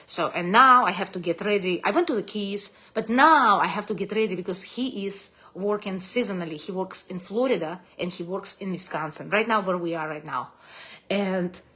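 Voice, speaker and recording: Animated woman with a Russian accent. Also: moderate pace. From Kazakhstan. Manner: animated, big swings in pitch and loudness, non-native grammar. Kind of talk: casual personal storytelling to camera.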